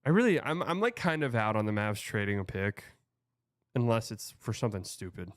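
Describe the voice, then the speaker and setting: A man's voice: on the low side, expressive, brisk, dry recording, clean studio sound. A young man from Texas hosting a show, reading viewer comments in a loose, rambling, chatty way. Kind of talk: casual livestream chat.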